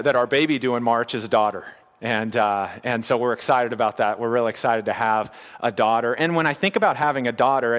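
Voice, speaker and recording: A man's voice: medium pitch, fairly bright tone, big-room sound. A man in his thirties preaching a sermon, earnest and conversational, repeating his key phrases. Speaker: pastor.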